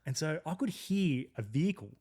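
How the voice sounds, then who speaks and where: An Australian man in his thirties, a podcast guest and army veteran, telling crude, lively stories in a casual way. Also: a little high, a little fast, husky. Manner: crude, swearing, lively anecdotes with frequent "like". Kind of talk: casual storytelling.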